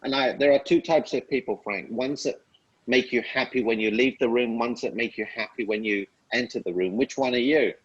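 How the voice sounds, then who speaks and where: A man as an interview guest, telling upbeat stories and giving slow, emphatic life advice. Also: medium pitch, breathy edge, muffled recording. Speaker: guest speaker. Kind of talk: casual interview chat.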